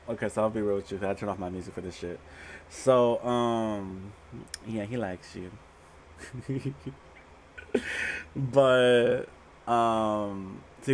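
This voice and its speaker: A man gives a casual tarot reading on a livestream, speaking in a mid-range voice. He is blunt and profane and laughs often. A faint hiss sits under the voice. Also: mid-range voice. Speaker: tarot reader.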